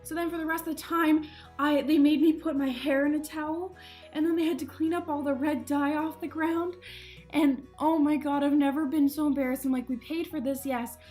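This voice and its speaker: A woman's voice: sits high, steady tone, fairly quick, darkish tone, faint music behind. A young woman casually telling embarrassing travel stories to camera, chatty and self-deprecating, laughing often. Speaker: vlogger.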